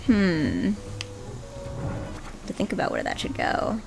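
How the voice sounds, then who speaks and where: A woman's voice: fairly low pitch, huge pitch swings, takes it slowly, gravelly, pauses often, soft background music. A woman giving casual gameplay commentary, chatting away and talking to the characters on screen. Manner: chatty, talks to game characters. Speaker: video game player.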